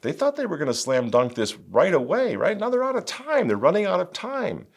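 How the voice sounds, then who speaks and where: A man's voice: high-pitched, wildly swooping pitch, fairly quick, gravelly, husky. A middle-aged man hosting a political commentary show, talking in a sarcastic, mocking way. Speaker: host.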